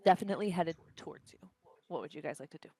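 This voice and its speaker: A woman's voice: low voice, very fast, warm tone, husky, low-quality recording. A woman narrating as game master of a tabletop role-playing game, describing scenes at length with many fillers.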